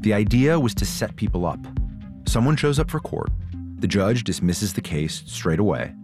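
A man reporting, reading a scripted story narration in a measured, steady way and interviewing guests. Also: on the low side, over music. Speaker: reporter and host.

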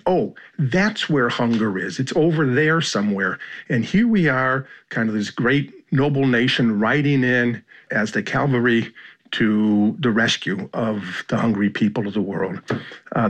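American male journalist guest, husky, mid-pitched, reflective interview talk. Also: a bit bright. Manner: measured, thoughtful, with frequent "you know" and "kind of".

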